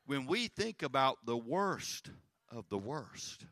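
Man preaching, slow and deliberate with a bright edge, dry close sound, drops to a hush then climbs to a shout. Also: medium pitch, very animated, no echo. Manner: swings from hushed to shouted, repeats words. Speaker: pastor. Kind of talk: sermon.

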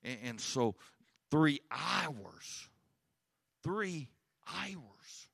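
A man preaching a sermon as pastor, swinging from hushed retelling to shouted emphasis and often repeating words. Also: mid-range voice, no echo, clean studio sound.

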